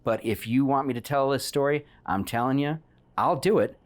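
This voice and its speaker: A man at mid pitch running a tabletop game as game master. He explains things in a casual, halting way, with plenty of restarts.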